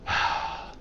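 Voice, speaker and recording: Pushed and bright, this British man's voice comes through lo-fi audio with a little hiss or hum. Hosting a live let's play, he chats playfully, swears a lot, mocks himself, and breaks into silly voices as he commentates.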